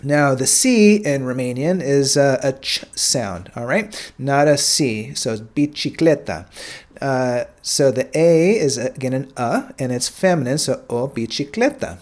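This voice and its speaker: An American man teaching a casual language lesson in a relaxed way, filling pauses with "uh" and "all right" and repeating words slowly. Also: mid-range voice. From United States.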